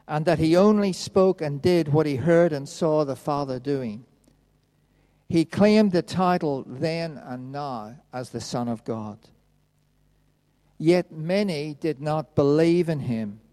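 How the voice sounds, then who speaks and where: A man preaching a sermon, reading a Bible passage aloud in a slow, measured way. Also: fairly high pitch, darkish tone. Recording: long reverb of a hall.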